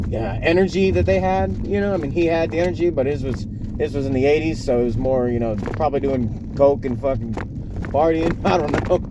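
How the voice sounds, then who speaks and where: A man's voice: fairly high pitch, noisy background. A man from Florida casually rambling on his own podcast, full of fillers, restarts, swearing and laughs. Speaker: podcast reaction host. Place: home in a snowy northern area.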